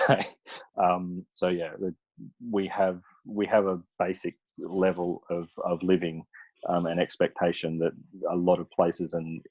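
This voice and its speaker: An Australian man with a very deep, husky voice chats loosely over a video call, restarting his sentences and leaning on fillers. The sound is dry and a little muffled, like laptop call audio. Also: darkish tone, no echo. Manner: rambling, many restarts and fillers, laughs often. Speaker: guest speaker.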